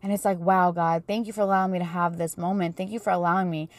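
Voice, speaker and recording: A woman's voice: on the low side, steady tone, fast talker, dry recording. A young woman hosting a casual faith-based podcast, chatting with lots of "like" and "you know". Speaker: podcast host.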